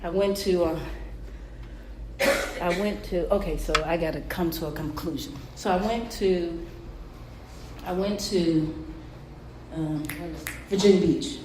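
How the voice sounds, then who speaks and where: A woman preacher delivering a sermon with call-and-response, moving between quiet talk and shouting. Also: fairly low pitch, a little slow, pauses often, background noise. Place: church hall. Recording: echoey hall, distant mic, crowd responding.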